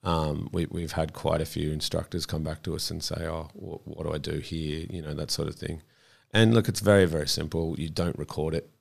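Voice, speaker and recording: A deep-voiced earnest man. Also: fairly even intonation, brisk, gravelly. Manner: earnest, repeats words as he thinks. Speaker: child protection campaigner, guest. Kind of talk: conversational interview.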